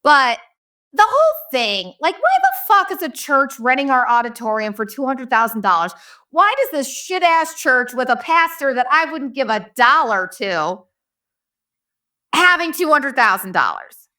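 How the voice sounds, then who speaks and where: Animated, bright-voiced profane woman ranting. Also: sits high, moderate pace. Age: 40s. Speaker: podcast host. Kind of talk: casual comedic storytelling monologue.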